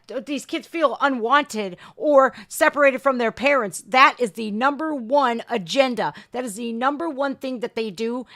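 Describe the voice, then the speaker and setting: A woman hosts a livestream reaction show with a high, bright voice. She talks in a fiery, profane way, and her commentary breaks into loud outbursts.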